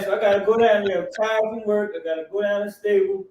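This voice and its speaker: A middle-aged man, a guest, telling casual anecdotes in an animated, fast-running way. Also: high-pitched, far from the mic. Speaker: guest, riding club family member. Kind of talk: casual storytelling. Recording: roomy, off-mic.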